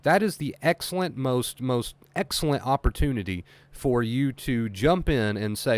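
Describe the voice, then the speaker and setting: A man's voice: medium pitch, animated, normal speed, few pauses, no echo. A man talking earnestly as an anxiety recovery coach on a livestream, emphatic and repeating his key points. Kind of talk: motivational livestream talk.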